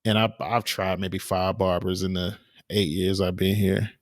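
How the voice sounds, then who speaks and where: Man, low voice, dry close sound, casual podcast chat, rambling with fillers. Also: level tone, measured pace, dry recording. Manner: rambling storyteller with many fillers and restarts. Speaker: podcast co-host.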